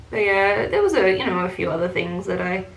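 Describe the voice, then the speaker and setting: A woman's voice: medium pitch, creaky. A young woman vlogger telling a story while doing her makeup, chatty and blunt, swearing freely and mimicking others in quotes. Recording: echoey room, faint ambience.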